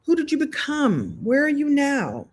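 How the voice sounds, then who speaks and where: Hosting a coaching challenge in a live online workshop over video call, a woman tells lively stories, voicing other characters and laughing often. Her voice is high, with wildly swooping pitch, and she speaks a little slowly.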